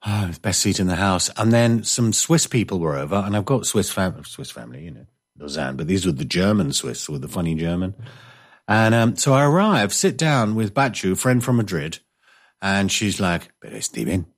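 A man's voice: deep voice, expressive, moderate pace. A man hosting a casual chat show, telling rambling stories with jokey, self-mocking asides and reading out listener messages. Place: indoors, living in coastal Spain.

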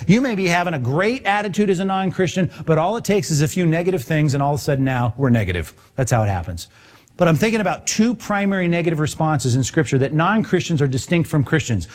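A man preaching a sermon on a Bible passage, lively and conversational, acting out quoted voices as he goes. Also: on the high side. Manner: animated, acts out quoted voices. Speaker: pastor.

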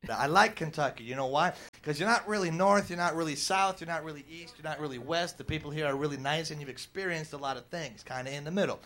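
Brash stand-up comic working the crowd. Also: male voice, a little high, fast talker, hardly any pauses, sharp tone. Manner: quizzing the crowd, brash teasing. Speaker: stand-up comedian. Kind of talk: stand-up routine with crowd work.

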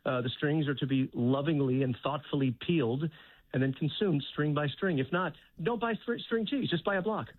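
A man calling into a radio show as a guest, telling a comic story in a mock-serious, deadpan way. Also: fairly high pitch, moderate pace, no room sound. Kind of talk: phone-in interview, humorous. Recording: tinny phone line.

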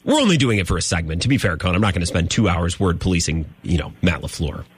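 A man's voice: deep voice, sing-song, fast talker, husky. A man hosting a sports radio show, talking emphatically and repeating his points for effect. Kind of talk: opinionated sports talk radio.

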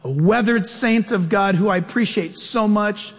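High-pitched animated male pastor preaching. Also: normal speed. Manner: animated storytelling with sudden pitch jumps. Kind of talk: sermon. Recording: long church-hall reverb.

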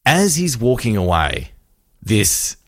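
A man, co-hosting a radio show and telling a story with lively acted-out voices. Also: lowish voice, slow, dry recording, clean studio sound. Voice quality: animated storyteller, acts out voices. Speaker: radio co-host. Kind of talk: casual radio banter, storytelling.

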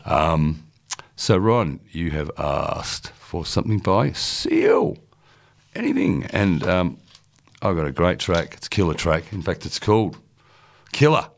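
A man's voice: sits low, measured pace. A man working as a radio DJ, presenting casually in a chatty, rambling way with lots of fillers.

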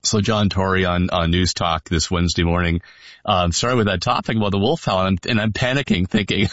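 A man's voice: low-pitched, fairly even intonation, moderate pace, dry recording. A man joking in a self-deprecating way on a political podcast panel. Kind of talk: casual political chat. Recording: dull, dry.

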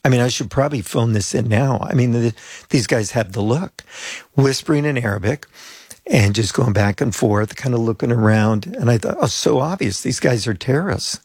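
An older man from the United States tells a long personal story, acting out the voices of the people in it. His voice is husky, and the recording is dry and close with no room sound. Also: medium pitch, normal speed, a little mellow, no room sound. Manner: chatty anecdotal storyteller, acts out quoted voices. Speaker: pastor. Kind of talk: storytelling interview guest.

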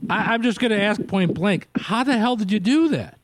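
Guy in his 30s hosting radio, high voice, laughs a lot, dry studio sound. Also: expressive, moderate pace, no room sound. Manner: laughs often, loose and chatty. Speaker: radio host. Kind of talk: casual interview chat.

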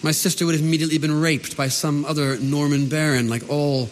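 A man's voice: a little high, flat delivery, brisk, slight background noise, natural voice. An actor playing a suave, witty nobleman courtier in a radio drama, urbane and courteous with a dry, amused wit. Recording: long reverb, faint ambience.

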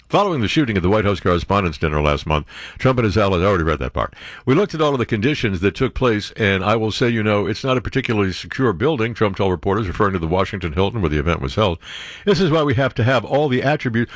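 A man's voice: on the low side, sing-song, fast talker, no echo, clean studio sound. A man hosting talk radio, reading news aloud and mocking it with sarcastic asides.

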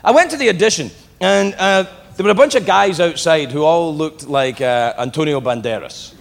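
A man doing stand-up, telling a story with sudden shouts and put-on voices. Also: on the high side, normal speed, creaky. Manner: animated, swings into shouted put-on voices and laughs. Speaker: stand-up comedian. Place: comedy club stage. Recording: live in a hall with crowd and noise. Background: audience laughter.

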